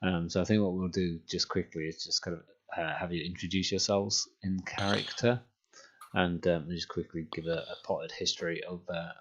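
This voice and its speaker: A man with a very low voice recaps a tabletop session as game master, rambling with ums and dry asides. The recording sounds dull and lo-fi. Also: steady tone, normal speed, slight background noise. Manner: chatty, lots of ums, dry jokes. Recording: dull lo-fi audio.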